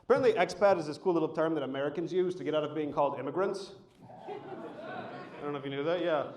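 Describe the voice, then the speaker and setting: A man performing live stand-up, his voice sitting a little high for a man and bouncing around an echoey room. He tells stories in a loose, profane way through a handheld stage mic. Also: big pitch swings, quick pace, a crowd in the background. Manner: loose, profane, storytelling delivery. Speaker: headlining stand-up comedian. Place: live comedy show at an art venue.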